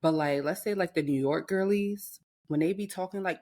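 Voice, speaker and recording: A young woman co-hosting a podcast with a deep voice, chatting casually in a confident, sassy way. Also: normal speed, a little mellow. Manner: confident, sassy, self-described aggressive. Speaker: podcast co-host. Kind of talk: casual chat.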